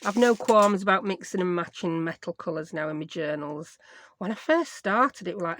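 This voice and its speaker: Speaking unhurriedly in a lowish register, this craft vlogger from Yorkshire, England talks through a tutorial at her desk. She keeps it casual and self-deprecating, with local dialect words dropped in along the way.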